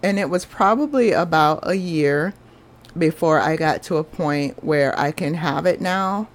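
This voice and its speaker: A woman's voice: low-pitched, a little slow. A woman, hosting a podcast and telling a personal story in an earnest, confessional, chatty way. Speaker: podcast host.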